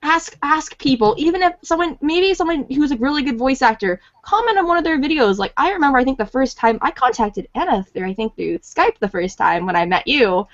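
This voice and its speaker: Woman voice actor, fairly high voice, dull dry lo-fi call audio, rambling and excitable. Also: brisk, few pauses, dry recording. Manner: excitable, rambling, repeats words for emphasis. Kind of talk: casual podcast chat.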